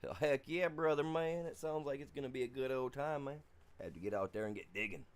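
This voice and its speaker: A man putting on a fake accent for a moment, hearty and excited, with a drawl. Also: deep voice, very fast.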